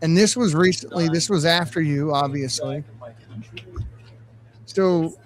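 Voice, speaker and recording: Podcast host asking relaxed questions. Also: male voice, fairly high pitch. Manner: relaxed questions with filler pauses. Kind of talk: casual podcast chat.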